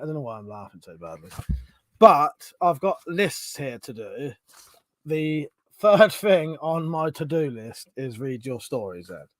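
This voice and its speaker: A man's voice: medium pitch, a bit bright, no echo. A man hosting a casual live stream, chatting with viewers, swearing and laughing often, with a runny nose.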